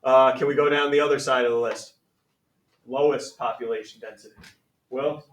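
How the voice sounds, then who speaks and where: A man's voice: mid-range voice, steady tone, moderate pace, far from the mic. A man teaching a math class. He sounds conversational and upbeat as he calls on students by name. The voice sits a little away from the mic, and the classroom echoes around him. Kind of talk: classroom lesson.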